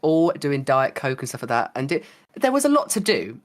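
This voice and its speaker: A young man hosting a casual podcast, telling his stories dramatically, with swearing and lively asides. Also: on the high side, moderate pace. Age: young adult. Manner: animated, swearing, dramatic storytelling. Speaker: podcast host. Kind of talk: casual chat.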